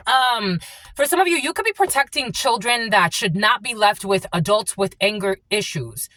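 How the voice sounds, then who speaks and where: A woman channels messages for her viewers in a loose, rambling reading. She keeps filling her pauses with "like" and "uh". Her voice sits in a middle register, close and dry. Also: mid-range voice, expressive, sharp tone, no echo. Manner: rambling, frequent "like" and "uh" fillers. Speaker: spiritual channeler.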